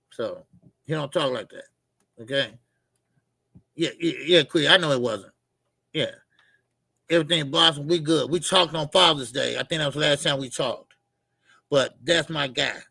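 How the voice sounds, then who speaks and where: Gravelly bright-voiced guy rambling on his boxing stream, lots of you know and okay, kinda husky. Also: a little high, no room sound. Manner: loose, rambling, many fillers and repeats. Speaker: livestream host. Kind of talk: casual live chat reading comments.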